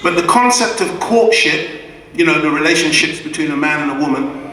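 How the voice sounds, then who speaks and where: A man's voice: fairly high pitch, lively intonation, a little fast, sharp tone, a little hiss or hum. A man giving an emphatic, preacher-like public address to a live audience, who answer him back. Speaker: guest speaker at a community event. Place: community hall. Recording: echoey hall, voice from far off.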